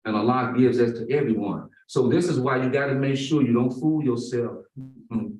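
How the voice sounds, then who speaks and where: A man's voice: mid-range voice, darkish tone. A man delivers a Friday sermon in a mosque prayer hall, stretching out the words he wants to land. His voice rings with roomy echo and sounds set back from the microphone. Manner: emphatic, slow and drawn-out on key words. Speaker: imam. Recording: roomy echo, far from the mic.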